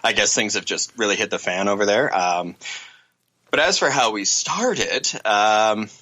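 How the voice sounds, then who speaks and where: A man's voice: fairly low pitch, unhurried, sharp tone. A man chatting as a podcast guest, rambling and self-deprecating, with a lot of ums and uhs. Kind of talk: casual chat.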